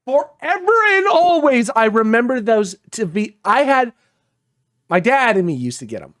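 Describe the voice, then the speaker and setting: A young man with a high voice co-hosts a casual podcast chat at normal speed, telling stories with animation, swearing freely, and acting out quotes. The sound is clean studio audio with no room sound.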